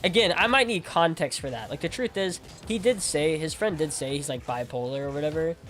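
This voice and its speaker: A man's voice: on the high side, brisk, a bit bright, slight background noise. A young man talking casually to his stream chat while gaming, rambling with lots of "like" and repeated words. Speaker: game streamer.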